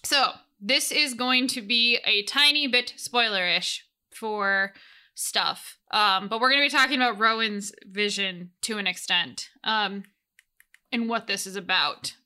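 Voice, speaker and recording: A woman's voice: medium pitch, measured pace, sharp tone, clear, resonant tone. A woman game master chatting through a casual solo recap, rambling with many restarts and frequent laughs.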